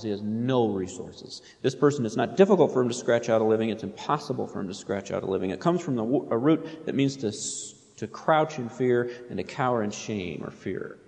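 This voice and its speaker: Here a pastor's sermon shifts between plain, conversational explanation and quotations read aloud with mounting intensity. He has a medium-pitched, dark voice, captured with long hall reverb.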